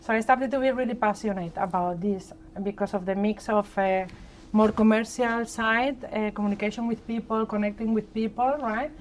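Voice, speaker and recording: A woman's voice: fairly high pitch, fairly even intonation, moderate pace, a little hiss or hum. A woman with a Spanish accent, a panel guest telling her career story in a chatty way that often ends with "right?". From born in Argentina, grew up in Spain. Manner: chatty, tags sentences with "right?". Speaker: panel guest, treasury leader. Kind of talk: personal story on a live panel.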